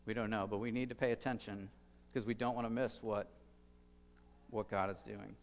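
A man's voice: fairly low pitch, fairly even intonation, normal speed, long reverb tail. A man preaching a sermon as a pastor, conversational and thinking aloud, with fillers and restarts.

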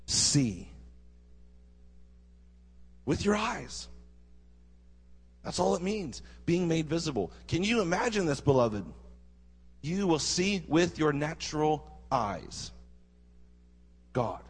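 Male pastor mid-sermon, breathy and animated, echoing through a large church hall. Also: on the high side, takes it slowly. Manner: animated preaching with rhetorical questions to the congregation. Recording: husky voice with long hall reverb.

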